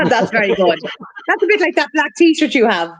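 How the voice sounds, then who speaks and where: Lively woman chatting and laughing. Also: high voice, normal speed, crowd noise. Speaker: co-host. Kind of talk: casual live-stream chat.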